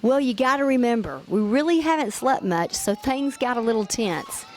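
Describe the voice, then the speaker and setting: A woman's voice: fairly high pitch, animated, moderate pace, darkish tone. A woman giving upbeat scripted narration for a show. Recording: voice-over with music behind.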